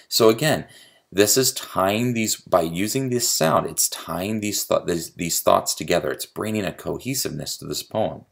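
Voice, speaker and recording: A man's voice: low voice, vocal fry. A man giving a creative writing lecture, explaining poetry step by step and tapping out the meter aloud. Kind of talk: recorded video lecture.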